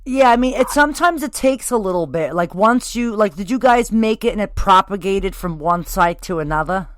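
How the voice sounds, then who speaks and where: A woman's voice: medium pitch, animated, normal speed, no echo. A woman hosting a casual band interview, rambling along with lots of fillers like "like" and "you know.". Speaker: podcast host interviewing a band.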